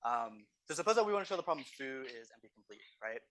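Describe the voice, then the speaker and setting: Male TA for a review session: quick delivery, bright voice, keeps asking the room "right?". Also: medium pitch, sing-song. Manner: explanatory, tags statements with "right?". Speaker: course teaching assistant. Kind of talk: exam review lecture. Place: university classroom.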